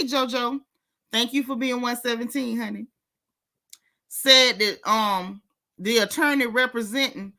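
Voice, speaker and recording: A woman running a gossip vlog addresses her viewers directly with sassy, teasing, slangy banter about celebrities. Her voice is fairly high, bright, and forceful.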